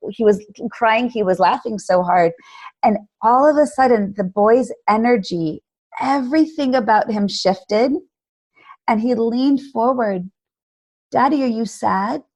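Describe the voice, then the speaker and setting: A woman guest on a podcast interview, telling stories in an animated way. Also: mid-range voice, unhurried. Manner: animated storyteller. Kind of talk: conversational interview.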